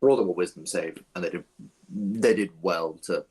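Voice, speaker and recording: A man narrating as dungeon master, relaxed and descriptive, thinking aloud with fillers. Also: sits low, normal speed, a little hiss or hum. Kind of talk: narrating a tabletop game.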